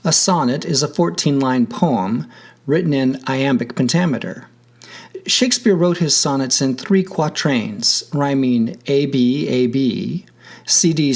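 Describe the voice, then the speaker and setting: A man narrating a scripted lesson in a measured, careful way, spelling out example words. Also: mid-range voice, vocal fry. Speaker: teacher.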